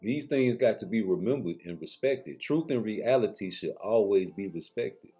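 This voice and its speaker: A man's voice: on the low side, animated, normal speed, dark tone, husky, soft background music. A man giving a blunt, slangy boxing commentary rant straight to his viewers, with profanity.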